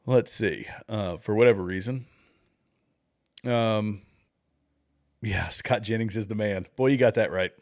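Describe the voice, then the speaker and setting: A man's voice: fairly low pitch, a little slow, pauses often. Chuckling, rambling man hosting a livestream. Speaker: livestream host. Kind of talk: casual livestream commentary.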